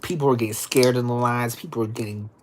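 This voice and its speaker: Live streamer lady, super low voice, animated rambling story, faint hiss behind. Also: fast.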